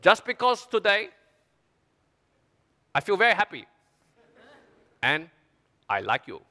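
A theatrical, wheedling market stall seller, as a man puts him on haggles in broken English. He sounds high and bright. The voice rings with long hall reverb. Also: sing-song, takes it slowly, heavily acted. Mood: sly, low. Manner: broken English, dramatic pleading.

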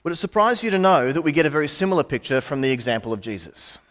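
A man's voice: a little high, big pitch swings, racing, a bit bright. A middle-aged man preaching a sermon in a conversational way, with asides and rhetorical questions.

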